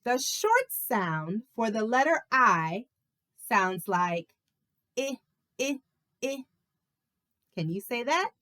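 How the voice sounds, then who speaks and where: A woman teaching a video lesson to preschool children in a slow, encouraging, sing-song way. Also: mid-range voice, big pitch swings, bright, forceful tone.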